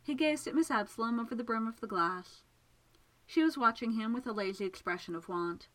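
A woman narrating a romantic story aloud in a measured, smooth reading voice. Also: a little high, poor audio.

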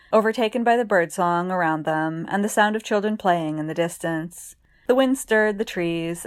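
Woman, story reading, calm, unhurried, somewhat low voice. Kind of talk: reading fiction aloud.

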